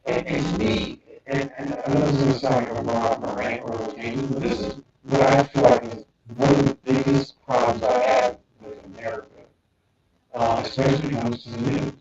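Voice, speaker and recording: A podcast co-host with a medium-pitched, steady, slightly mellow voice talks a little fast, rambling through his thoughts with lots of ums and restarts. The casual discussion comes through distant, echoey, and dull remote audio with a bit of hiss or hum.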